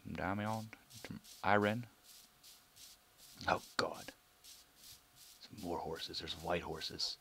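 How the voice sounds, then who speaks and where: A young man giving casual gameplay commentary, excitable, swearing now and then and muttering asides under his breath. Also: low-pitched, a little slow, gravelly, pauses often, a little hiss or hum. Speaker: let's play gamer.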